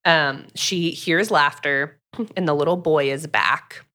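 A young woman co-hosting a podcast, casually recapping a book in a lively storytelling way and acting out the quotes. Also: deep voice, slow. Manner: lively storyteller, acts out quotes, many fillers. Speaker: podcast co-host.

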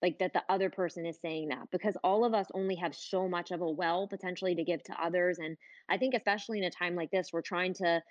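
Woman host, 30s, earnest and emphatic, lowish voice, dry and slightly muffled recording. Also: steady tone, fast, few pauses, dry recording. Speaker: host of a live online talk. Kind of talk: casual heartfelt talk.

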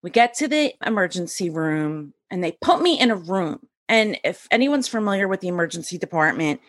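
A woman in her forties, a podcast guest, telling a personal story in a lively, animated way and acting out the voices of the people in it. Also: on the low side, fairly quick, no room sound, clean studio sound. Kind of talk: storytelling in an interview.

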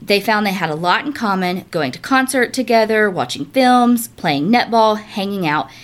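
A woman co-hosting a podcast, reading listener stories aloud in an animated, casual way, swearing now and then. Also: medium pitch, moderate pace. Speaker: podcast co-host.

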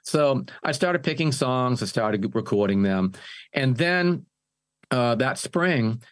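A man's voice: medium pitch, expressive, takes it slowly. An older man, a singer and music producer, telling his story in a casual interview and often restarting his phrases.

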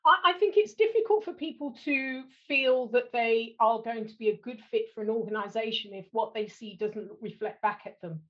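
High-voiced woman hosting a podcast. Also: moderate pace, few pauses, dull audio. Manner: self-deprecating humor, laughs often. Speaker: podcast host. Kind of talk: casual interview chat.

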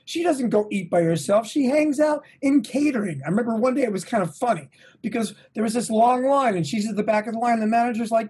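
Man, middle-aged, husky, motivational, energetic, interview guest. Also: very high voice, quick pace. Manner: energetic, enthusiastic, motivational, swearing now and then. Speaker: guest, touring rock drummer. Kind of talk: casual interview. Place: home, at a desk.

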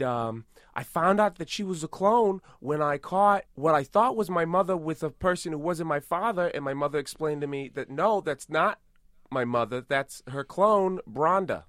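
A man doing an impression of a boastful tough-guy movie star, rambling deadpan about absurd things in an improvised comedy podcast. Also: a little high, dry recording, clean studio sound.

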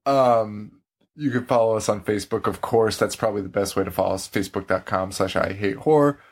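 A man's voice: fairly low pitch, fairly quick, slightly rough. A young adult man hosting a casual podcast, joking and laughing often, with a slight frog in his throat. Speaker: podcast host.

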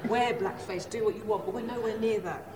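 A woman of Jamaican background speaking up from the audience, making a measured, articulate argument. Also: medium pitch, distant mic, a loud crowd. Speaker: audience member. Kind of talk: audience comment in debate.

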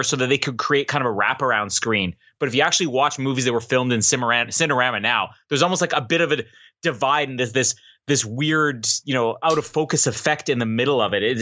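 A man's voice: mid-range voice, pushed and bright, highs cut off. A man co-hosting a casual movie recap podcast, explaining film techniques with frequent restarts. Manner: explanatory, restarts words, film-buff detail. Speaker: podcast co-host.

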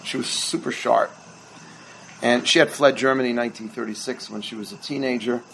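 A middle-aged rabbi with a gravelly, creaky edge to a voice of ordinary pitch. He teaches in a relaxed, storytelling way and checks in with his listeners as he goes. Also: a little fast, a little hiss or hum, low-quality recording. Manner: conversational storytelling, quizzes the audience. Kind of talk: teaching a holiday workshop.

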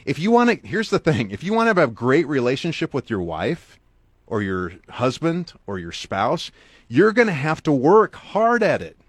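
A man's voice: huge pitch swings, moderate pace, slightly rough, no room sound. A middle-aged man, an author and guest speaker, earnestly telling a motivational story to the listener with big swings for emphasis. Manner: earnest, talks straight to the listener; wide swings in pitch and loudness for emphasis.

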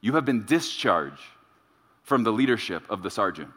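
A male pastor delivering a sermon, emphatic and repetitive, with dramatic pauses. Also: on the low side, very animated, fairly bright tone. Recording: reverberant church sanctuary.

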